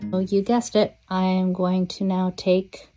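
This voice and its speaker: A woman teaching a quilt tutorial, talking through each step in a relaxed, step-by-step way in her sewing room. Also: on the low side, unhurried, over loud music.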